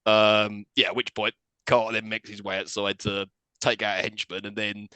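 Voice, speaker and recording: A man's voice: on the low side, moderate pace, smooth, dry recording. A man co-hosting a podcast, recapping a film in casual chat, often laughing and swearing. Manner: animated, swearing, laughing retelling with quoted voices. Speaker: podcast co-host.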